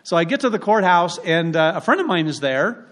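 A man's voice: high voice, sing-song, a little fast, a bit bright. A male pastor preaching a sermon in a conversational, humorous storytelling way. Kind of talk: sermon with personal stories. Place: church.

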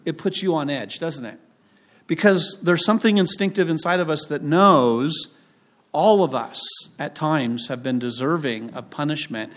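A male pastor preaching a sermon in a conversational, humorous storytelling way. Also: on the high side. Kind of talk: sermon with personal stories. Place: church.

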